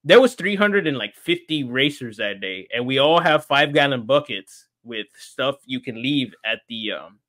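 A man, an interview guest, telling a story in casual chat, animated and laughing often. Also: mid-range voice, normal speed, hardly any pauses. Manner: animated, acts out quoted voices, laughs often.

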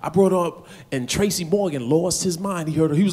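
A middle-aged man performing a stand-up comedy routine, animated and punchy, laughing at his own jokes. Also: a little high, fairly quick, few pauses, a little hiss or hum. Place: comedy stage before a live audience.

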